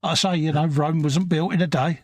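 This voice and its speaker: Gravelly laid-back man. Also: a little high, steady tone, fairly quick, a little mellow, no room sound. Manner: laid-back, chatty, British slang. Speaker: livestream co-host. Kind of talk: casual chat while building a model.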